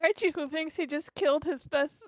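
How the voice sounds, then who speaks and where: A woman's voice: sits high, normal speed, no room sound. Laughing woman player. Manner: laughing narration. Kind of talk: casual tabletop role-play.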